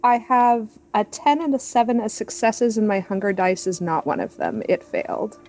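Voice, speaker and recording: A woman's voice: medium pitch, normal speed, a little mellow. A woman plays a tabletop game, chatting as she describes her character and reads out her dice. Faint music plays in the background. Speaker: player.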